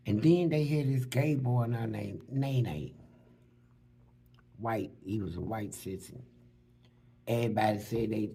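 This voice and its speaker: A man casually telling stories from prison, animated and full of street slang, acting out what other people said. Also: mid-range voice, vocal fry. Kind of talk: casual storytelling.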